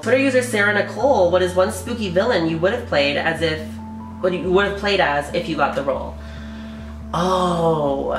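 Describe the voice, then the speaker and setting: A woman's voice: deep voice, reverberant. A woman vlogger answering viewer questions in a casual, candid way, often swearing and laughing, from her living room. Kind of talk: casual Q&A chat.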